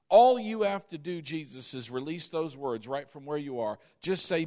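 A man's voice: a little high, lively intonation, moderate pace, few pauses, dark tone. A male pastor preaching a sermon, reading scripture aloud and repeating key phrases for emphasis, at times asking the congregation to repeat after him.

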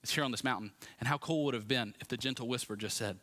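A man preaching a sermon in a lively, conversational way with asides to the congregation. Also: medium pitch, very fast, few pauses. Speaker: pastor.

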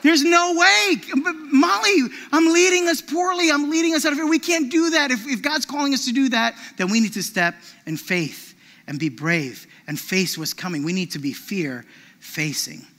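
A man preaching a sermon as a pastor, telling animated stories with frequent restarts. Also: very high voice, normal speed. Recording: long reverb of a large hall.

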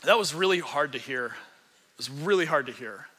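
A man pastor preaching a sermon in an animated, earnest storytelling way, acting out the quotes he tells. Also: fairly high pitch, moderate pace, slightly rough, big-room sound.

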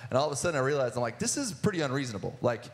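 A man's voice: medium pitch, sing-song, rapid-fire. A young man in his twenties telling his personal testimony in church, earnest, with many restarts and filler words. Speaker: guest speaker sharing testimony.

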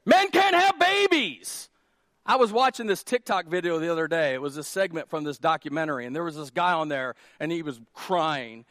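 A high-pitched man preaching a sermon to his congregation. He talks casually, jokes along the way, and drives his main points home by repeating them with force. His voice is close and dry, with no room echo. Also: a little fast, hardly any pauses, a bit bright. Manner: conversational preaching with jokes, rising to emphatic repeated lines. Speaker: pastor. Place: church sanctuary.

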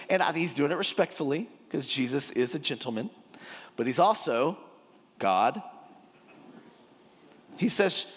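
A man giving a sermon as pastor, with a casual, joking, animated delivery. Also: medium pitch, a little slow, pauses often, breathy edge. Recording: long hall reverb.

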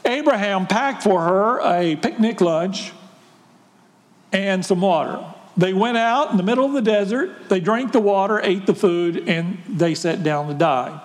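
A man's voice: high voice, measured pace, big-room sound. A male pastor preaching a sermon, retelling a story conversationally and asking the congregation questions.

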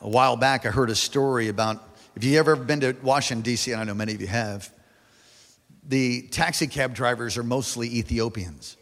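A male pastor preaching a sermon to a large congregation, building to loud emphatic peaks and calling for responses. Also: medium pitch, fairly quick. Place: large church hall. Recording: long hall reverb.

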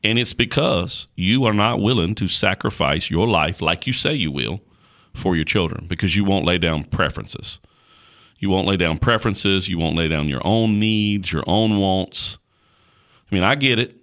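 A man's voice: low-pitched, normal speed, fairly bright tone. A male podcast host preaching on a Bible passage in an emphatic, repetitive, colloquial way.

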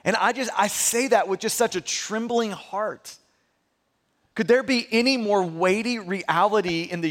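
A man's voice: high voice, big-room sound. A man preaching a sermon as pastor, earnest and sometimes stumbling over repeated words. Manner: earnest, repeats words when stressing a point.

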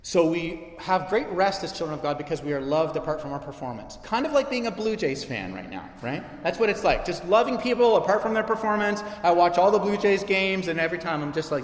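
A middle-aged pastor with a slightly high voice preaches a sermon to his church a little fast, conversational yet impassioned, driving his points home through repetition. The recording comes from a church sanctuary, an echoey hall with long reverb.

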